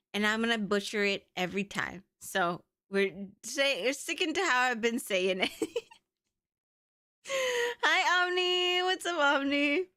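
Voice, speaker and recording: A woman's voice: on the high side, bright, forceful tone, clean tone, dry recording, studio quality. A young woman chatting playfully and giggling with her viewers while streaming a game. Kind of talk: casual livestream chat.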